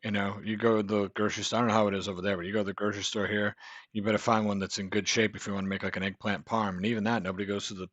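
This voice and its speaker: American guy reacting to clips, kinda low voice, rambly and loose, dull dry recording. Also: racing, no echo. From United States. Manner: animated, rambling, swears casually. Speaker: YouTube reaction host. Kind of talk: casual reaction commentary. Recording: dull lo-fi sound, dry room.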